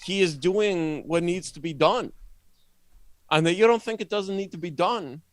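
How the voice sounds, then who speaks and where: A man talking as a podcast guest, rambling and sardonic, with many restarts and animated asides. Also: high voice, moderate pace, dry recording. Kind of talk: casual podcast conversation.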